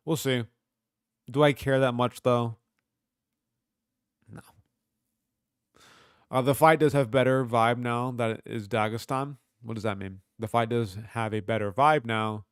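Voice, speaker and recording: Young man from Kentucky, livestream host, loose profane chat, smooth clear voice, dry close sound. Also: medium pitch, no echo. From Kentucky, USA. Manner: loose, profane, joking banter. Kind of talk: casual livestream chat, reading chat aloud.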